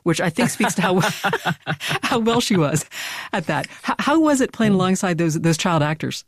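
A woman interviewing a guest on public radio, asking measured, curious questions. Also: lowish voice, expressive, husky.

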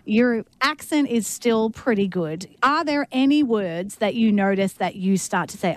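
A woman's voice: high-pitched, lively intonation, moderate pace, few pauses, no room sound. A woman hosting a music podcast interview in a chatty, upbeat way, laughing often. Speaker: podcast host. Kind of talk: casual interview chat.

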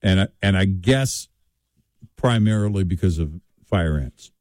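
A man with a very low, warm and mellow voice, chatting in an easygoing way. He keeps agreeing with short yeahs. The sound is dry and close. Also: animated, a little slow, no room sound. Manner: agreeable, many short affirmations. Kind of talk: casual chat.

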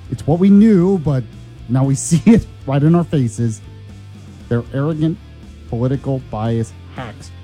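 A man's voice: mid-range voice, mellow. A man hosting a talk radio show, making sarcastic comments and laughing over the clips he plays.

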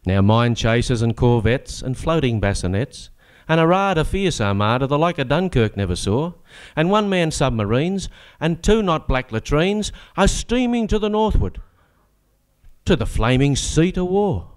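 A man's voice: medium pitch, sing-song, a little slow, clean tone. A man with an Australian accent reciting comic bush-ballad verse on a live stage with a rollicking, rhythmic delivery.

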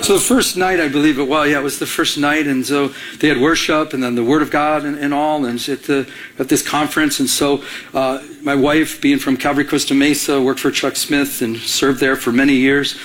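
A middle-aged man from Michigan preaching a sermon in an animated way, often restarting his sentences. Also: fairly high pitch, brisk, slight background noise, poor audio. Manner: animated, acts out little dialogues, frequent restarts. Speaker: pastor.

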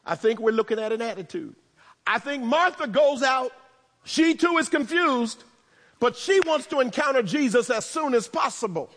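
High bright-voiced preacher in a reverberant hall. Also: male voice, lively intonation, normal speed. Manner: conversational preaching with humorous asides; dramatic swings between loud emphasis and hushed tones. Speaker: pastor. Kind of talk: sermon. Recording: long reverb of a large hall.

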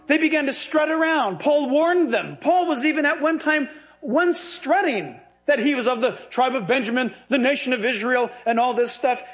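A male pastor preaching a sermon in a lively, humorous way, acting out the dialogue he tells. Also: very high-pitched, moderate pace.

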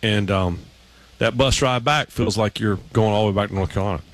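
A man talks casually on a radio show, telling a story with lots of restarts and fillers. His voice sits a little low, loose and conversational. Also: a little fast, no room sound. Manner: rambling, storytelling with many restarts.

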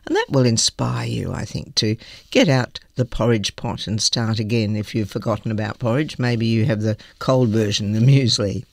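A woman's voice: a bass voice, normal speed, vocal fry, no room sound, clean studio sound. A woman hosting a talk show, chattily introducing the coming segments with some hesitant restarts. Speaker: radio show host.

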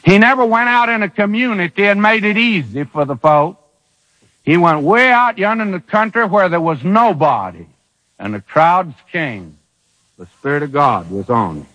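Male preacher, high voice, wide swooping pitch, emphatic sermon, long hall reverb, old radio sound. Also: sharp tone. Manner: emphatic, rhetorical questions, dramatic pauses.

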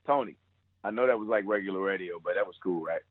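A man giving a lively, joking radio shout-out. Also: sits low, fast talker, noisy background. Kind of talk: radio promo banter. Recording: tinny phone-like radio audio.

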